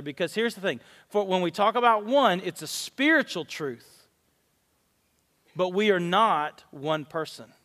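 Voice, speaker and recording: High-voiced pastor preaching in a hall. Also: male voice, fairly bright tone. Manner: candid, storytelling with self-deprecating humor. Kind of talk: conversational sermon. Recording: long reverb of a large hall.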